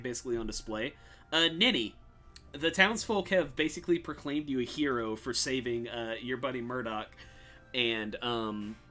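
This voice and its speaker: A man's voice: mid-range voice, bright, forceful tone. A man narrating as game master of a tabletop game in a casual, rambling way with many fillers.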